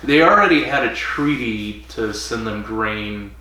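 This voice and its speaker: Bright-voiced man in an echoey room. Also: lowish voice, expressive, measured pace. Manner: upbeat, chuckling, chimes in with notes. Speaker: podcast co-host. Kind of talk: casual chat. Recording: echoey room, distant mic, faint background hum.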